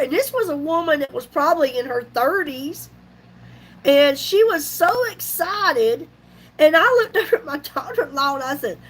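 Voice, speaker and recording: A woman's voice: high voice, moderate pace, low-quality recording. A woman, telling a folksy story to her vlog viewers. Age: 50s. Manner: chatty, folksy, animated retelling with laughs. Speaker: YouTube vlogger.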